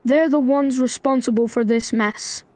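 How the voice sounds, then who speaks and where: A synthetic female voice reading the lines of a stern young man who lectures in an even tone. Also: high-pitched, normal speed, dry recording, lightly acted.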